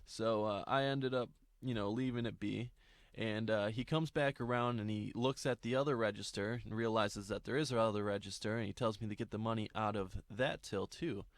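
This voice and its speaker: A man's voice: fairly low pitch, fairly even intonation, normal speed, no room sound, clean studio sound. A young man in his twenties, casually telling a story for a vlog, rambling with laughs, swearing and restarts.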